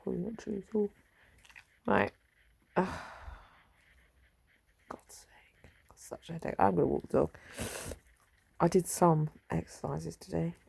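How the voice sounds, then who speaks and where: A woman's voice: on the low side, measured pace, vocal fry, pauses often, darkish tone, breathy edge. A woman rambling casually to herself in a vlog, muttering and trailing off. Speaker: vlogger.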